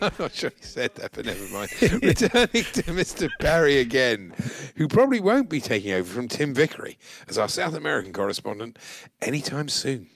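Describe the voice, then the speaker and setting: A man's voice: mid-range voice, very animated, vocal fry, a bit bright. A man co-hosting a radio show, laughing often and adding teasing remarks. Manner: giggly, quick to laugh, teasing. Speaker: radio co-host. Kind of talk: casual radio chat. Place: radio studio.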